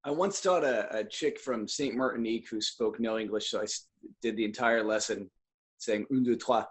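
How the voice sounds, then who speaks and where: A man's voice: lowish voice, moderate pace, husky. A man co-hosting a podcast, teasing and laughing in crude casual banter. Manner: laughing, teasing, throws in silly sung syllables. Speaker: podcast co-host.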